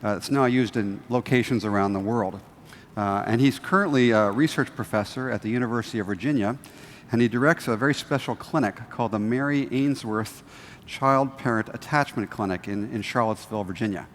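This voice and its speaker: A man moderating a panel, giving a measured formal introduction with frequent hesitations. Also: mid-range voice, slight background noise. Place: large lecture hall. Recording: distant mic in a large reverberant hall.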